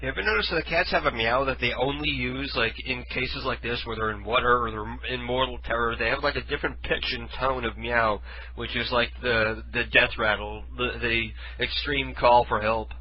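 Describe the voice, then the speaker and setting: A man's voice: medium pitch, fairly even intonation, normal speed, breathy edge, lo-fi sound. A man hosting a radio show, telling a rambling story in casual chat and correcting himself as he goes. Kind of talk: casual storytelling with running commentary.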